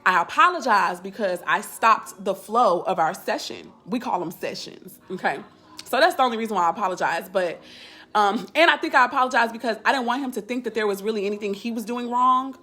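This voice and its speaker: A woman's voice: mid-range voice, fairly bright tone. A woman life coach chatting casually on a live stream, candid and blunt in loose, slangy talk.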